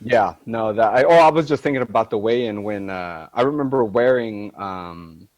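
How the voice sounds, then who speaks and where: A man's voice: on the low side, normal speed, no room sound. A man guesting on a podcast, reminiscing in a rambling way with frequent laughs and trailing restarts. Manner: rambling, laughs a lot, many restarts and fillers. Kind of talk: casual chat.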